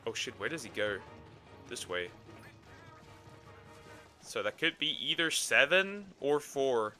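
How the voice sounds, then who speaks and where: A young man streaming a game, chatting casually, cursing and yelling in bursts at the monster he fights. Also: mid-range voice, slow, soft background music. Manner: excitable, swears, yells at the game. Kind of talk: casual gaming commentary.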